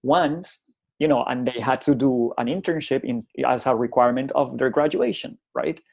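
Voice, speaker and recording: A man's voice: mid-range voice, moderate pace, creaky. A middle-aged man from Colombia, a native Spanish speaker, telling classroom stories as a guest and acting out the dialogue, often tagging on "right?". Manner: animated, acts out dialogue, frequent tag "right?". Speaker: college instructor and guest. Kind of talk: conversational storytelling.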